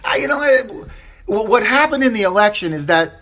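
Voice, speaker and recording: A man's voice: high voice, lively intonation, a little fast, bright, forceful tone. A man hosting a solo opinion podcast, upset and impassioned, repeating phrases for emphasis and stumbling over restarts. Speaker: podcast host.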